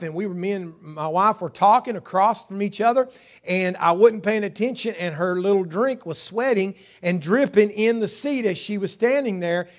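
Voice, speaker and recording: A middle-aged man preaching a sermon, stretching key words and climbing in pitch to drive points home.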